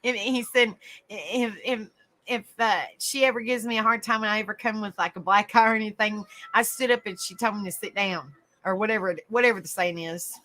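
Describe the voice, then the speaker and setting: A woman hosting a livestream, chatting to viewers and telling a rambling, animated story. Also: medium pitch, a little fast, low-quality recording. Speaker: livestream host. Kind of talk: casual live-chat storytelling.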